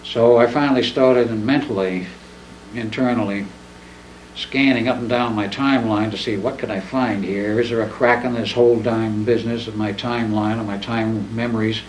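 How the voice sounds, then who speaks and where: An older man talks in a low, folksy storytelling voice, plain-spoken and unhurried in his phrasing. He is picked up from well back, so the room rings around him and a faint hiss sits under it all. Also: steady tone. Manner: plain-spoken, folksy, mimics others in quotes. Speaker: speaker. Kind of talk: storytelling talk to an audience. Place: presentation room. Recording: echoey room, distant mic, faint noise.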